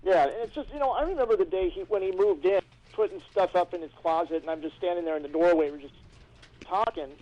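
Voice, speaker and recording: Male caller on a phone line; high-pitched, quick and chatty storyteller. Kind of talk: casual chat. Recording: dull phone-line audio.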